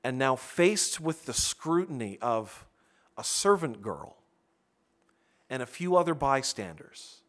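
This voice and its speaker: A pastor preaching a sermon in a conversational way, often restarting phrases and adding asides to the congregation. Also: male voice, mid-range voice, sing-song, takes it slowly.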